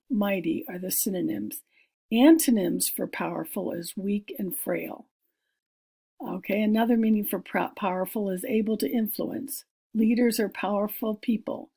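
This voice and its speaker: A woman's voice: mid-range voice, a little slow, creaky, dark tone, husky. A woman teacher giving a recorded reading lesson, patiently explaining each word step by step and thinking aloud as she works through the page.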